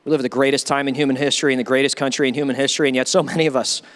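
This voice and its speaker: A man's voice: medium pitch, flat delivery, very fast. A male pastor giving a sermon, talking emphatically and conversationally with many rhetorical questions. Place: church sanctuary. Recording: long reverb of a church hall.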